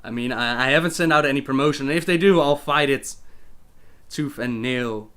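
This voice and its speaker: A man's voice: medium pitch, normal speed, fairly bright tone, smooth. A young man with a Dutch accent, hosting a casual livestream where he reads viewer questions aloud and answers them chattily.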